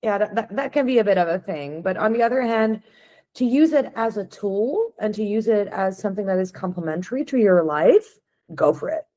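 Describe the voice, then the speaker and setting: A woman's voice: mid-range voice, animated, fairly quick, warm tone, lo-fi sound. A woman hosting a podcast interview. She asks curious, thoughtful questions in a casual way and sometimes restarts her sentences. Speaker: podcast host.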